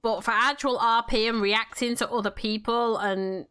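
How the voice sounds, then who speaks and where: A woman with a Northern English accent from the Manchester area talks casually as she plays, her tone bright and forward. She is chatty, swears freely, and often stumbles back over her words mid-sentence. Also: fairly high pitch, steady tone, moderate pace, clear, resonant tone. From England, near Manchester. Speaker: game streamer and role-player. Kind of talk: casual chat while playing a game.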